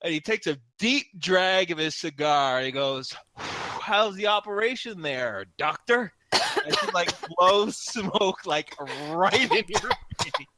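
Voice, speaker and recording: Animated, bright-voiced male game master. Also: high voice, slow. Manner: animated, laughing, loose with fillers. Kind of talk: narrating a tabletop game.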